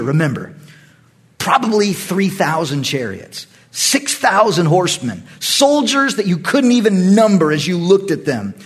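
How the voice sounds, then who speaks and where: A man pastor leading a Bible study, animated and acting out the voices of the people in the story. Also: fairly high pitch, breathy edge. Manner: animated, acts out quoted voices. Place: church meeting room.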